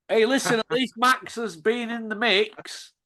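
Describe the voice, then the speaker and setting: A man's voice: very high-pitched, measured pace, pushed and bright. A man, hosting a casual chat and telling rambling, laughing anecdotes with plenty of swearing. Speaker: podcast host.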